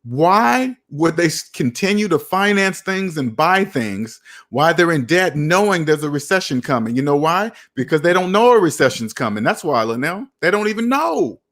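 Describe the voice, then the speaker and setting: A man's voice: on the high side, sing-song, moderate pace, hardly any pauses, a bit bright. A man hosting a personal finance livestream, talking emphatically to his chat, repeating points and asking rhetorical questions.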